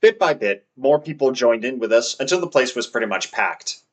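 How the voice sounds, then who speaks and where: A man's voice: mid-range voice, animated, normal speed. A man narrating his farming game session in a scripted, wry and self-deprecating way. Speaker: let's play narrator.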